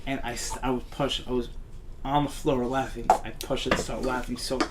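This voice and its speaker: A man's voice: mid-range voice, little pitch movement, moderate pace, noisy background. A middle-aged father chatting as a podcast guest, telling stories in a rambling way with many restarts. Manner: rambling storyteller, frequent restarts. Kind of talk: casual chat.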